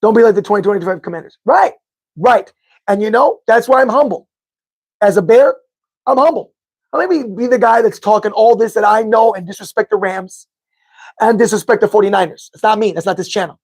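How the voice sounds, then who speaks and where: Speaking a little fast in a high-pitched voice, a man runs a live sports fan podcast and reads comments from the chat. His casual talk rambles and loops back as he keeps correcting the figures he's given.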